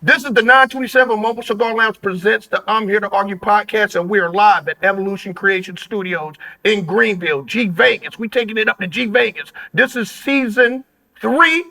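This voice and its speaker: A man hosting a podcast interview, hyping his guest with drawn-out, playful shout-outs in a studio. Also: sits high, creaky, low-quality recording. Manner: hype, drawling, shout-outs and playful boasts. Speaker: podcast host. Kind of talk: casual hip-hop podcast interview.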